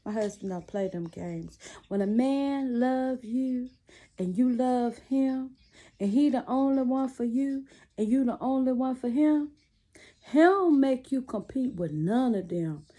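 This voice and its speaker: Lacing her shoes in a small, cluttered room at home, a woman vlogger talks casually to the camera, dishing out sassy, preachy relationship advice. Her voice is high and warm, and she keeps a measured pace.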